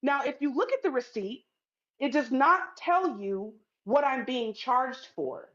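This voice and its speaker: A woman's voice: high-pitched, expressive, unhurried, a bit bright. A woman telling a story to camera in a blunt, profane, emphatic way. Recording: dull lo-fi sound.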